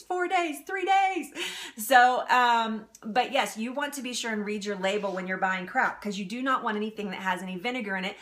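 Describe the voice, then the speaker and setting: A woman's voice: medium pitch, sharp tone. A woman hosting a live cooking stream, chatting casually, laughing often and answering viewer comments. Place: home kitchen.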